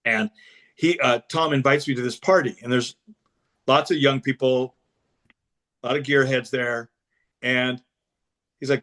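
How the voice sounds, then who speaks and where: A man's voice: medium pitch, steady tone, measured pace, pauses often, a bit bright. An older man, a guest on a podcast, telling a self-deprecating story in a casual chat over a remote call.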